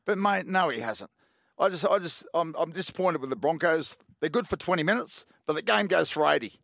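A man on a sports radio panel, blunt and quick. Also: fairly high pitch, expressive, vocal fry, a bit bright, no echo, studio quality. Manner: quick, blunt, says mate. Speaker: radio panelist, ex rugby league player. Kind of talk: casual sports radio chat.

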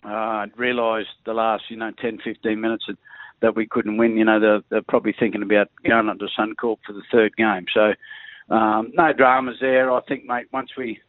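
A man's voice: lowish voice, little pitch movement, moderate pace, dry recording. Australian man on a tinny phone line. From Queensland, Australia. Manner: chatty, laughs through his stories, restarts often. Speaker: former rugby league player as guest. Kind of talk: rambling anecdotal chat.

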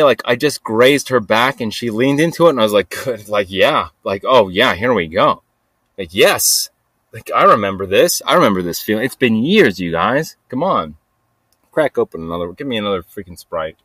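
A man hosting a podcast, telling a story in a rambling, restless way that swings from low mutters to sudden loud bursts. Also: no room sound. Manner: rambling, restless, talks to himself with lots of "like" and "freaking". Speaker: podcast host. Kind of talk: casual storytelling monologue.

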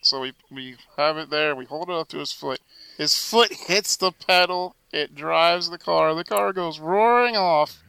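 A man on a podcast telling a story with lots of energy and acting out each quoted line. His voice is bright, with a gravelly edge. It sounds crisp and dry, recorded close to the mic. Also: fairly high pitch, measured pace, dry recording, rough recording. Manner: animated, acts out quoted dialogue. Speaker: podcast guest. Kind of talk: casual storytelling.

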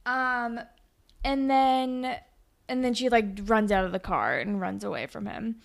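A woman co-hosting a casual podcast, recapping a TV episode in a chatty way with lots of fillers and quick acted-out quotes. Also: a little high, gravelly. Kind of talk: casual chat.

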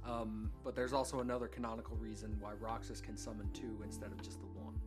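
A man's voice: fairly low pitch, level tone, quick pace, loud music behind the voice. A man co-hosting a casual podcast, running through a video game's plot points. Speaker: podcast co-host. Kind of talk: casual chat recapping a video game.

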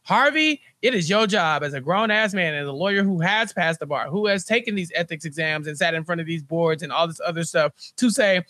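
Animated high-voiced podcast host. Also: male voice, fairly quick, few pauses, no room sound. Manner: animated ranting with mocking impressions. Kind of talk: TV recap podcast chat.

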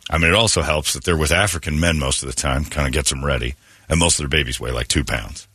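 A man's voice: very deep voice, fast, pushed and bright, breathy edge, dry recording. A man hosting a comedy talk show, telling crude, exaggerated stories and putting on mocking voices. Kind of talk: comedic banter.

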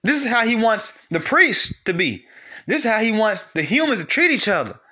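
Speaking straight to his listeners, a man preaches about the Bible in a casual, animated style and repeats lines for emphasis. His voice is high-pitched and his pace moderate.

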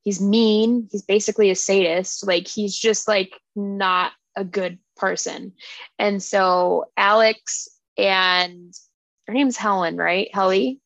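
A woman's voice: mid-range voice, fairly even intonation, slow, no echo, rough recording. A woman hosting a book club podcast, casually retelling a plot in a rambling, filler-heavy way.

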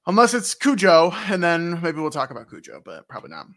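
A young man co-hosting a casual podcast, rambling and joking and laughing often. His voice is bright, with lively swings in pitch, and sits a little high. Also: fairly quick. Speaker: podcast co-host recapping a game. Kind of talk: casual chat.

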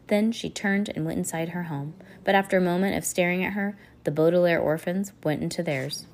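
A woman reading a storybook aloud as narrator, expressive and with varied pace. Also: fairly low pitch, a little fast, hardly any pauses, slight background noise.

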